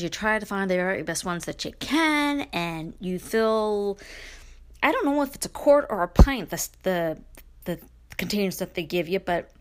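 A middle-aged woman hosting her own podcast, talking casually in a rambling, chatty way full of fillers and restarts. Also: medium pitch. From Brooklyn, New York. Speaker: podcast host. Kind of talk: casual solo podcast monologue.

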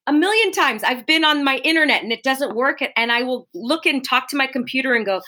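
A woman with a bright, clear voice tells an animated story in a casual chat. Her pitch jumps around a lot as she acts out little quotes. She talks like a spin class instructor sharing a lesson. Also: a little fast, few pauses.

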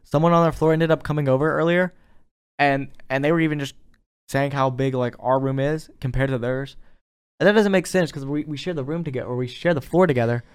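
A young man in a college dorm room, hosting a casual podcast and chatting in a relaxed, rambling way. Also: medium pitch, a little fast, clear, resonant tone. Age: young adult. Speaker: podcast host. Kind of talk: casual chat.

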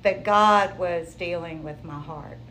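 A woman sharing her personal testimony in an interview, telling it in a lively, conversational way. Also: on the low side, slow pace, a little hiss or hum, low-quality recording. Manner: animated, conversational storytelling.

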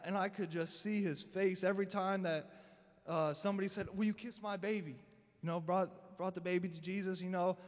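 High-voiced preacher in a reverberant church. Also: male voice. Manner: dramatic storytelling, acting out the people in the story. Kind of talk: sermon. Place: church sanctuary.

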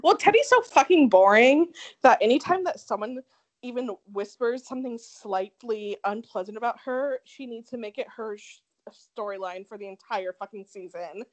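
A woman's voice: a little high, animated, normal speed, poor audio. A woman in her twenties co-hosting a podcast, chatting casually in a gossipy, profane way and laughing often. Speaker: podcast co-host. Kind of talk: casual chat.

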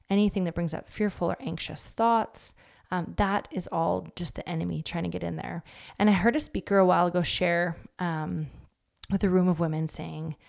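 A woman in her thirties shares a devotional talk in a relaxed, chatty way. Her voice sits low and has a gravelly fry to it. Now and then she acts out little quotes. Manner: warm conversational, with fillers and acted-out quotes. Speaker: Christian speaker.

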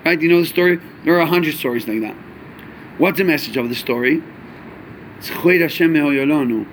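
A man teaching a chassidic Torah class, animated, asking rhetorical questions and mixing in Yiddish and Hebrew terms. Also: fairly high pitch, brisk, a little hiss or hum.

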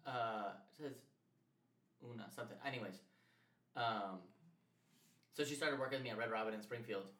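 A young man co-hosting a podcast, telling stories in a casual, animated, profane way and laughing often. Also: lowish voice, normal speed, pauses often. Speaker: podcast co-host. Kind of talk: casual storytelling chat. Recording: echoey room.

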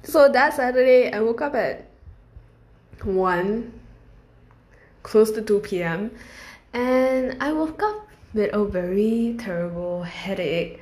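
A young woman talks in a loose, rambling storytime style, candid and full of fillers. Her pitch sits mid-range, and the vlog recording carries a roomy echo. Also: animated, takes it slowly, pauses often, darkish tone. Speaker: vlogger. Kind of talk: casual storytime monologue.

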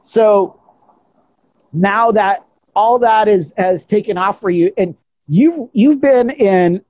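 An enthusiastic interview host speaks in a mid-pitched voice over a video call. The sound is dull and lo-fi. The phrasing is halting and effusive. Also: no room sound. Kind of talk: casual interview conversation.

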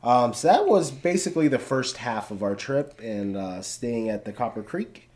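A relaxed podcast co-host chatting casually and agreeably, wrapping up an episode. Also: mid-range voice, normal speed. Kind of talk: casual chat.

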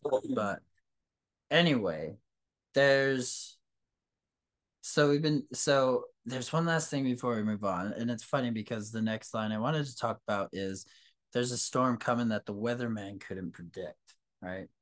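A man who teaches and hosts a podcast, talking casually with a guest. He tells stories with lively energy and a pitch in the middle range for a man. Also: measured pace. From New Mexico.

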